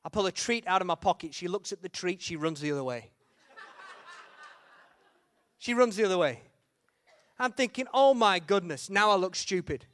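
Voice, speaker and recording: A young man preaching a humorous sermon, telling a story with lively acted-out quotes and sudden shouts. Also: high-pitched, normal speed, pauses often.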